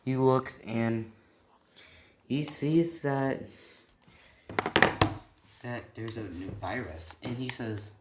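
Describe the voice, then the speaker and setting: A man's voice: medium pitch, extremely slow, long pauses, very noisy. A man telling an improvised fan story in a rambling way, with many restarts and tag questions. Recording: echoey room, faint typing.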